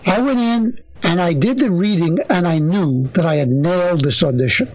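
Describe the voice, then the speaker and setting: An older man tells a story as an interview guest, his voice pitched high and swinging widely as he animates each beat. He has a lively storyteller's delivery. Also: normal speed, hardly any pauses, poor audio. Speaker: actor, guest.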